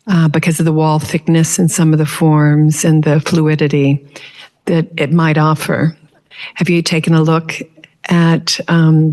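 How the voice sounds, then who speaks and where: A woman in the audience asking a question at a lecture, pausing often to search for words. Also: sits low, darkish tone. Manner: searching for words, many fillers.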